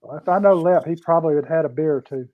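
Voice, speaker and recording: A man's voice: a little high, fast. A man hosting a casual podcast chat, encouraging his guest with chuckling affirmations. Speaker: podcast host. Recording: dull lo-fi sound.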